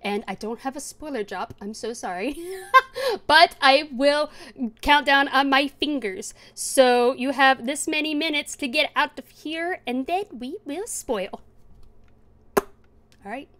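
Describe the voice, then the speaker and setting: Young female co-host, slightly high pitch, enthusiastic casual review talk. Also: a little slow, a bit bright. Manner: chatty, enthusiastic, laughs often. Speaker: podcast co-host. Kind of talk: casual anime review chat.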